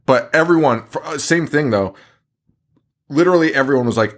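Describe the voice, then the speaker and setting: A man's voice: medium pitch, expressive, brisk. A man co-hosting a horror movie podcast, telling a rowdy party story in casual chat and swearing constantly. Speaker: podcast co-host. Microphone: remote recording.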